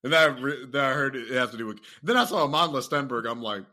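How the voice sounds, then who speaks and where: An American man hosting a loose podcast conversation, with a bright, forward tone at an ordinary middle pitch. He talks in an animated, profane way, laughs a lot, and keeps drifting into jokey put-on voices. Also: fast. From United States. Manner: animated, profane, laughs often, slips into mock accents. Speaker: podcast host. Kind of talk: casual podcast chat.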